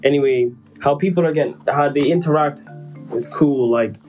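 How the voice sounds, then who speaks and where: A man's voice: fairly high pitch, moderate pace, darkish tone, soft background music, poor audio. Rambling joking man telling a story. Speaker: podcast co-host telling a story. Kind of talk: casual chat.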